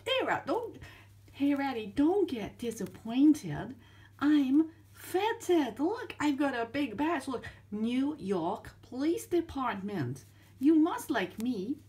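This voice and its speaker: A woman's voice: a little high, a little mellow. Fat Ted, a woman doing a brash American teddy. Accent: put-on American. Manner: chatty, peppered with "like", overbearing cheer. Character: brash American teddy bear cop, upbeat and pushy.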